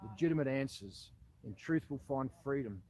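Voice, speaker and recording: An Australian man, an army veteran, giving a blunt, earnest monologue aimed at an official, with loud appeals that sink to low asides. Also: lively intonation, moderate pace, slight background noise, rough recording. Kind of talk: impassioned monologue addressed to an official.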